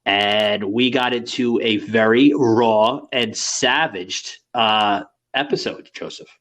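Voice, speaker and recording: A man's voice: fairly low pitch, slow pace, a bit bright. Brief: male podcast host, casual and crude, rambling delivery. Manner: rambling, filler-heavy, crude banter.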